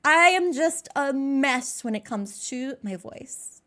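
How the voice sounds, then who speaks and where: A woman's voice: high-pitched, animated, takes it slowly, sharp tone. A young American woman streaming live, chatting casually, greeting viewers by name and laughing at herself. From United States.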